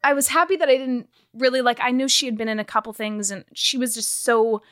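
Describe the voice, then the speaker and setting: A woman's voice: on the high side, fairly even intonation, a little fast, a bit bright, dry recording, clean studio sound. A young woman guest in a casual interview, chatty and full of "like" fillers. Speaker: guest actor.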